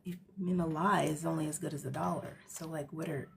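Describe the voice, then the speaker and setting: Woman host, casual livestream monologue; gravelly fry, animated, rambling, emphatic. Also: sits low, fast talker, background noise. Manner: rambling, emphatic, tags lines with "okay?"; animated, jumps between loud and hushed.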